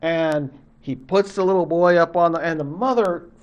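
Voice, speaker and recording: A man's voice: on the high side, moderate pace, muffled recording. An older man, a college professor, telling a traditional story in a folksy, conversational way, acting out the scenes. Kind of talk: traditional story told to camera.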